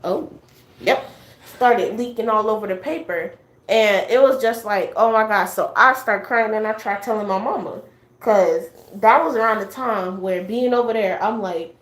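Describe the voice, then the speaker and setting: A woman's voice: medium pitch, moderate pace. A young adult woman telling a personal story in casual chat. She rambles with many fillers and acts out what her family said. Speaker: guest sharing a personal story. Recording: echoey room.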